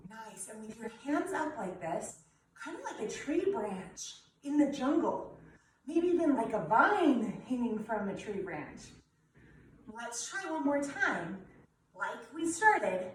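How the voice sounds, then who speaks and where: A young woman leads children through yoga in a cheerful, encouraging, sing-song voice. Her voice is high and lively, and she speaks slowly. It sounds echoey, picked up from a distance. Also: a little hiss or hum. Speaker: kids' yoga teacher. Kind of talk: guided children's yoga class.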